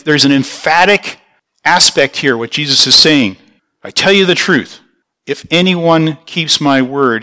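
A man's voice: medium pitch, sharp tone. A man teaching through a Bible passage verse by verse, explaining as he goes with small restarts. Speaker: pastor.

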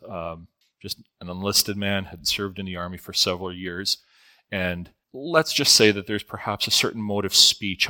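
A man's voice: fairly low pitch, sharp tone. A man in his fifties preaching a sermon in a reflective, conversational way, sometimes correcting himself mid-sentence.

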